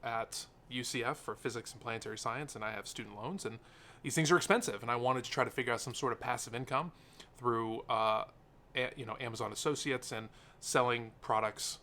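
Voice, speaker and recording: A young man sits and talks straight to the camera in an unscripted vlog. His voice is bright and forward, and he drifts between sidetracks with plenty of fillers. He speaks earnestly and openly. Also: mid-range voice, a little fast, slight background noise. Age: young adult. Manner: rambling, sidetracked, many fillers. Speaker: tech YouTuber. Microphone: camera mic, seated talking to camera.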